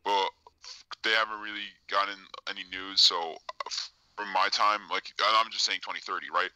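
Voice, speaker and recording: Young male guest, very low voice, bright and forward tone, dry close sound, halting delivery with lots of fillers. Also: fairly even intonation, no room sound, low-quality recording. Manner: hesitant, halting, many fillers and repeats. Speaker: guest claiming to be a time traveler. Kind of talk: casual live-stream interview.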